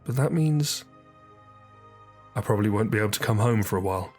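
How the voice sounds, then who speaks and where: A man voicing a gentle, anxious young village girl in a soft, hesitant tone pitched up from his own voice. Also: animated, brisk, soft background music.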